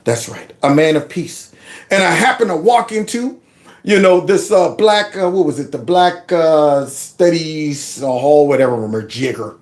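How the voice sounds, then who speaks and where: A man in his fifties from Youngstown, Ohio, hosting a casual commentary and telling animated, preachy stories in which he acts out the voices. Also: fairly high pitch, normal speed. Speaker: host.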